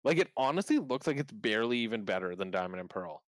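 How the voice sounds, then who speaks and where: A man hosting a casual podcast, telling a story with lively, acted-out reactions. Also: mid-range voice, fast, no echo, poor audio. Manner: animated storyteller, acts out his own reactions. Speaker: podcast host.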